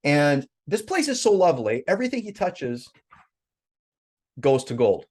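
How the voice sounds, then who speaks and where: A man, a life coach and podcast guest, telling a story in an animated way. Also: on the high side, a little slow. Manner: animated storyteller, lively swings.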